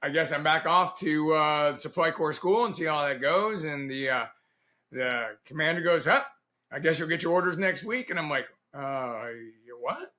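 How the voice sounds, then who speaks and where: A middle-aged man, a Navy veteran guest, telling stories from his career in a casual interview, animated and laughing often as he acts out quoted dialogue. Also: a little high, moderate pace.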